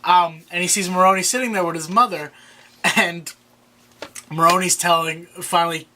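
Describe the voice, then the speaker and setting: A man co-hosting a casual TV recap, retelling plot in halting, rambling bursts. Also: high-pitched, steady tone, sharp tone, a little hiss or hum. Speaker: podcast co-host.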